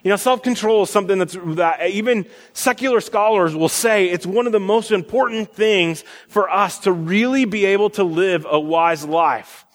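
A man's voice: high-pitched, normal speed, few pauses. A young man in his twenties or thirties preaching a sermon, talking conversationally with fillers and restarts. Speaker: pastor. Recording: long hall reverb.

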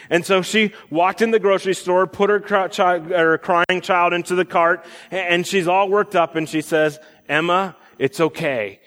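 A man's voice: a little high, a bit bright. A young man in his twenties or thirties preaching a sermon, talking conversationally with fillers and restarts. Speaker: pastor. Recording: long hall reverb.

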